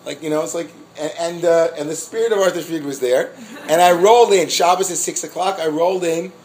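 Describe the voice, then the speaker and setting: Man, rabbi, storytelling lecture, animated, restarts often, a bit high-pitched. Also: slight background noise, low-quality recording. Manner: animated, halting, frequent restarts and laughs. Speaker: rabbi teaching a class.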